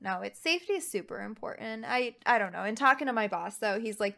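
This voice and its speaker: A woman's voice: medium pitch, fast, vocal fry, hardly any pauses. Blunt swearing young woman. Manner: blunt, swears freely, animated. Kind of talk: casual chat.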